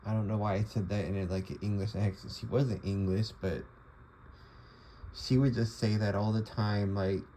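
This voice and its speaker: A man's voice: lowish voice, fairly even intonation, normal speed, warm tone, a little hiss or hum, rough recording. A young man talking casually to the camera, rambling with lots of fillers and restarts. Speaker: vlogger. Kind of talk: casual monologue.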